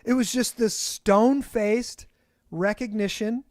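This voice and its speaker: Higher-voiced man, rambling casual chat. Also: steady tone, slow pace, dry recording. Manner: rambling, many restarts and fillers, laughs often. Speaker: podcast co-host.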